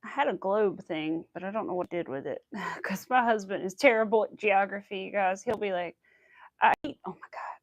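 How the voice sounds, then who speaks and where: A woman's voice: medium pitch, moderate pace, dry recording, muffled recording. A young woman hosting a crochet livestream, chatting casually and rambling through stories with quoted asides. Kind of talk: casual chat while crocheting.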